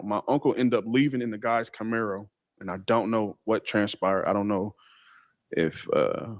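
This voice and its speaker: Man, fairly low voice, halting casual storytelling, dry close sound. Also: steady tone, no echo. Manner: halting, many fillers and restarts. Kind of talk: casual first-person account.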